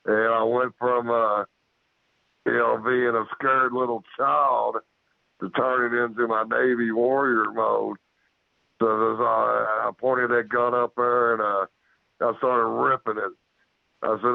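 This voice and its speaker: A man, a guest on a podcast, telling a story of his own encounter in a rambling way. He keeps repeating "so, so, so" and "man", and he acts out his own shouted lines louder and higher. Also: flat delivery, unhurried, gravelly, no echo. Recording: tinny phone-like line.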